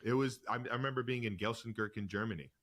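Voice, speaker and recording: A man with an American accent, recalling a trip in a relaxed, laughing way on a podcast. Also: mid-range voice, fast talker. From United States. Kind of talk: casual podcast chat.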